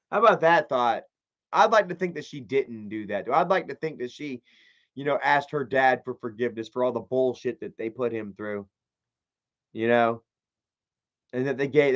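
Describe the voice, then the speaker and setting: A man giving casual livestream commentary, profane and mocking, reading chat messages aloud. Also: medium pitch. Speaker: live streamer. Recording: muffled lo-fi stream audio.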